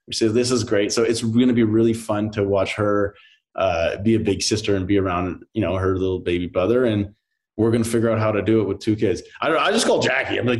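A man in his thirties, a soap actor as an interview guest, talking in a relaxed, rambling way with many fillers and quoted asides. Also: on the low side, fast talker. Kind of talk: casual interview chat.

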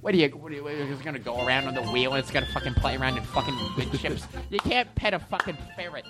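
A woman's voice: extremely low pitch, very fast, loud music behind the voice. A woman voicing a foul-mouthed, hotheaded man who rants nonstop and laughs like a maniac. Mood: ranting. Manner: constant swearing, ranting, manic laughter. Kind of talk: comedy character monologue.

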